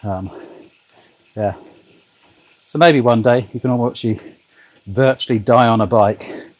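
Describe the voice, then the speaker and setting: A British man with a medium-pitched voice chats casually to his livestream while riding a turbo trainer in his back garden at home. His intonation is fairly even and his speed normal as he rambles with lots of ums and dry humour. The audio is dull, with no echo.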